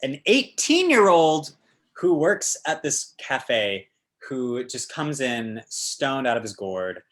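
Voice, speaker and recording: A man from the American South, a guest actor, chatting casually and telling animated stories with plenty of fillers. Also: mid-range voice, takes it slowly. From Georgia, US South. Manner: animated storyteller, many fillers. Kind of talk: casual interview chat.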